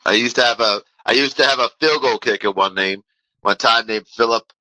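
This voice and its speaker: A man plays an old dead football coach ringing in from the afterlife. He rambles and ties unrelated things together in a sharp, very bright voice, and his pitch jumps suddenly. The sound is dry and close. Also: a little fast, dry recording, rough recording. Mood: rambling. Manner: rambling, nonsensical, jumps between stories.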